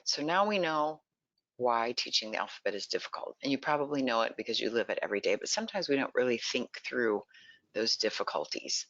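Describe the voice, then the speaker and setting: Bright, crisp webinar teacher. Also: mid-range voice, dry recording. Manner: explains patiently, poses questions to listeners. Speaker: early literacy presenter. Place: lives in Texas. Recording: dull lo-fi dry sound.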